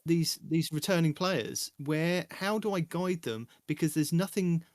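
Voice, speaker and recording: A man's voice: a little high, measured pace, darkish tone, no echo, studio quality. A man hosting a casual gaming podcast, chatting and reading through game update notes. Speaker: podcast host.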